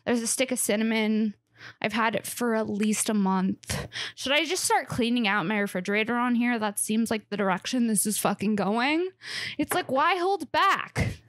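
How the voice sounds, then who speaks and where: A woman's voice: fairly high pitch, moderate pace, dry recording, clean studio sound. A woman comedian rambling through a tour of her fridge, sarcastic and self-mocking, swearing freely and a little out of breath. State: slightly out of breath. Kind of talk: casual rambling monologue. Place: home kitchen.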